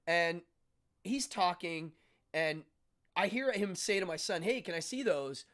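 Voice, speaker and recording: Animated middle-aged man telling stories. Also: sits high, measured pace. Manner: animated storytelling, acts out dialogue, frequent restarts. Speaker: livestream host. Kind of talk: casual chat with live viewers.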